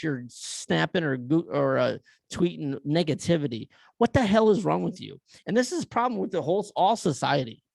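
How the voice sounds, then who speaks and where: A man's voice: high voice, gravelly, dry recording. A man hosting his own podcast, ranting bluntly with profanity and firing off rhetorical questions. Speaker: podcast host. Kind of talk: opinion rant.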